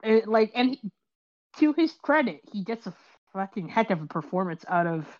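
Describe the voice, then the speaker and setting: A woman's voice: medium pitch, moderate pace, lo-fi sound. A woman hosting a casual chat about films, telling a story with lots of acted-out quotes and fillers. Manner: animated storytelling, acts out quotes, many fillers. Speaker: podcast host.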